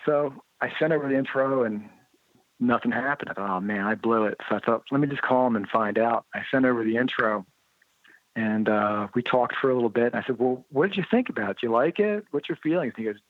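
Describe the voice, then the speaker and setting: A man being interviewed about his motorcycle writing, telling lively anecdotes in a casual way and acting out the dialogue he quotes. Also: mid-range voice, fast, no room sound. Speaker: interview guest, motorcycle writer and blogger. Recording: tinny phone-like line, dry.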